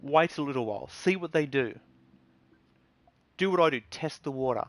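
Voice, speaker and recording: A man's voice: medium pitch, lively intonation, normal speed, dry recording. A man streaming games, chatting casually and giving earnest advice to viewers with lots of ums and restarts. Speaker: game streamer. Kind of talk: casual live-stream talk.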